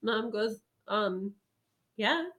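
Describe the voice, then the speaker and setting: A woman's voice: mid-range voice, extremely slow, background noise. A woman telling a story in casual chat, rambling with lots of fillers and laughs. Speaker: storyteller guest.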